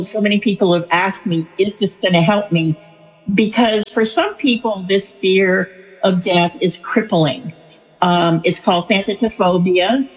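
Woman interviewee, storytelling, breathy voice in a reverberant space. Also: mid-range voice. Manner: chatty and storytelling, with fillers and laughs. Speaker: author and spiritual counselor. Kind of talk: conversational interview answer. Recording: lo-fi with long reverb.

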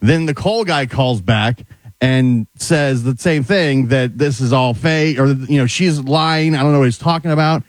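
A man's voice: medium pitch, moderate pace, dry recording. A man with a mid-range voice co-hosts a radio show, telling stories with energy and acting out the people he talks about. He speaks into a close studio microphone, and the sound is dry. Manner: animated storyteller, mimics callers. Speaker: radio co-host. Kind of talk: casual radio banter.

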